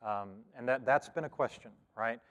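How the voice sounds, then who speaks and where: A man's voice: medium pitch, moderate pace, in a large hall. A man from the Cherokee Nation in Oklahoma, teaching a casual scripture lesson in a church, talking it through with lots of ums and restarts. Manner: conversational, thinks aloud with many fillers and restarts. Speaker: Bible study teacher.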